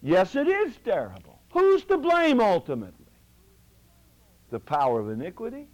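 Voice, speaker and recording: A man preaching from the pulpit with a high, lively voice. He swings between ringing exhortation and hushed, low asides, and his pitch leaps up and down all the time. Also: moderate pace, low-quality recording. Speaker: pastor. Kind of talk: sermon.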